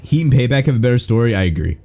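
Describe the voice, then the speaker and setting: A man's voice: mid-range voice, animated, very fast, warm tone, faint music behind. A young man doing casual, rambling live-stream gameplay commentary, swearing and self-mocking. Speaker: game streamer.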